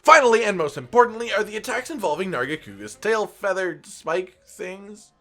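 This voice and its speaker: A man's voice: high voice, very animated, moderate pace, a bit bright. A young man narrating a scripted game guide as host, with playful, sarcastic asides. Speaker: gaming channel host.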